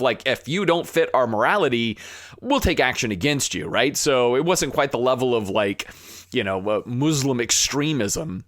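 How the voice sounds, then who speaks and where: A man hosting a podcast, talking in an earnest, conversational way, with fillers and restarts, sometimes growing fired up and animated. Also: medium pitch, no room sound, clean studio sound. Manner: rising to animated emphasis when fired up. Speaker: podcast host. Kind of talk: impassioned podcast monologue.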